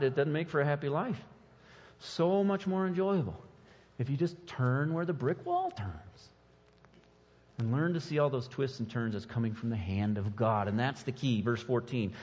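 A man preaching a sermon as pastor, animated and sometimes mocking as he acts out quotes. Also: mid-range voice, breathy edge, long reverb tail, highs cut off.

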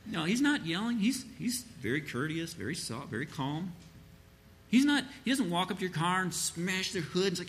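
Bright-voiced man teaching parents. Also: sits high, big pitch swings, normal speed. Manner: rambling, many fillers, acts out quoted parents and children. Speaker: church speaker answering a question. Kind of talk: informal sermon-style teaching.

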